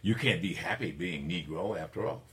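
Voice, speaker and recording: A man's voice: moderate pace, husky. An older man from Mississippi, hosting a talk radio show in an emphatic, preachy monologue. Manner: emphatic, preachy, swings between low asides and loud declarations.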